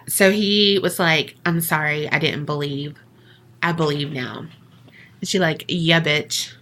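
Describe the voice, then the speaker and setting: Bright-voiced woman telling a ghost story. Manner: chatty, profane, jokey asides; acts out quoted voices with big pitch jumps. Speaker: podcast co-host. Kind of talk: casual storytelling.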